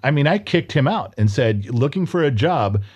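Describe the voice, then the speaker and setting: A man's voice: medium pitch, expressive, moderate pace, a little mellow, breathy edge. Middle-aged man, podcast co-host, casual storyteller, dull lo-fi sound. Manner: storytelling, acts out quoted voices. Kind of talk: casual chat.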